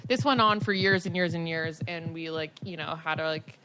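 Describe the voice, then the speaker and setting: A woman in her twenties co-hosting a podcast, telling stories in an animated way, laughing often and leaning on "like" fillers. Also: low-pitched, normal speed, noisy background. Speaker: podcast co-host. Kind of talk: casual chat.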